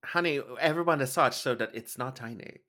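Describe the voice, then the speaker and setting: A man's voice: medium pitch, a little fast, bright, forceful tone. A young man co-hosting a podcast, trading sassy, campy jabs in casual banter. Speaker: podcast co-host.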